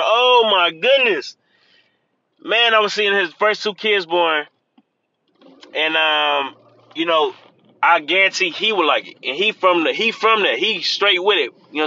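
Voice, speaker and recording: A man's voice: on the high side, pushed and bright, lo-fi sound. A man giving casual, earnest pep talk while driving, repeating himself and calling the listener "man". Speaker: podcast host. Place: in a car, driving.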